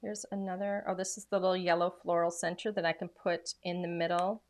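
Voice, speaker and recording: A woman's voice: lowish voice, level tone, fairly quick. A woman demonstrating craft products in a casual, chatty way, full of enthusiasm and filler words.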